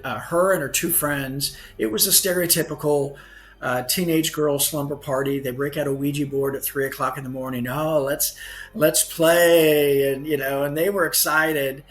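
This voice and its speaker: A man's voice: medium pitch, fairly even intonation, brisk. A man, a guest author on a podcast, telling a story earnestly and often correcting himself mid-sentence. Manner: earnest anecdote telling with frequent self-corrections.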